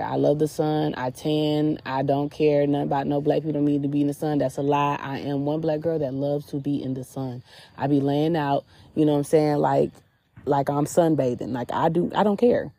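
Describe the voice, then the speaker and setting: Low, mellow-voiced woman musing candidly. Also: fairly even intonation, fairly quick, gravelly. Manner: candid, chatty, filler-heavy with frequent "like". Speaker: podcast host. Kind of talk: casual spiritual reflection monologue. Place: outdoors at a beach.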